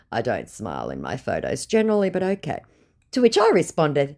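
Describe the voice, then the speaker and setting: A woman's voice: a bass voice, huge pitch swings, normal speed, darkish tone. A young woman reading out chat messages in a dry, sarcastic comedic narration. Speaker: scambaiter narrating chats.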